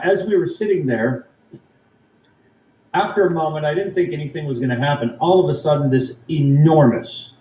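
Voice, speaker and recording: A man's voice: fairly high pitch, muffled recording. Canadian man telling a story over distant, echoey audio. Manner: excited, rambling with fillers and restarts. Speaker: guest. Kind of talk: animated personal storytelling.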